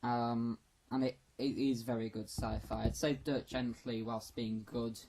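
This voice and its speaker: A man's voice: mid-range voice, level tone, unhurried, darkish tone, a little hiss or hum, rough recording. A man co-hosting a podcast, chatting casually about a film and often restarting his phrases. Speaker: podcast co-host. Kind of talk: casual film review chat.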